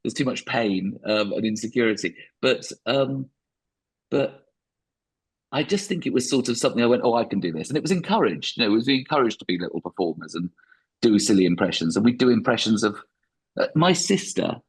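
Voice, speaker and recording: A man's voice: mid-range voice, animated, brisk, husky. A man, a stand-up comedian, talking reflectively in a podcast interview with frequent restarts.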